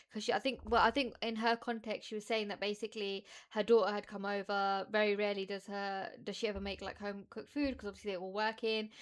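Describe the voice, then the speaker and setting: A woman's voice: mid-range voice, clear, resonant tone. A young woman from the UK, a streamer in casual chat, telling stories and acting out what others said. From United Kingdom. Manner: chatty storytelling, animated quoting of others.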